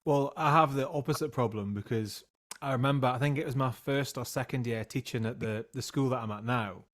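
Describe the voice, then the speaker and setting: Podcast host, thirties, mid-pitched, chatty and self-deprecating. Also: male voice, a little fast, a bit bright. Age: 30s. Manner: self-mocking anecdotes, laughs often. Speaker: podcast host and music teacher. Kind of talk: casual chat.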